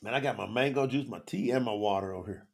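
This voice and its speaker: Sweating and teary, a man preaches scripture on a live stream, getting emotional and addressing his chat directly. He talks fast in a lowish voice with vocal fry.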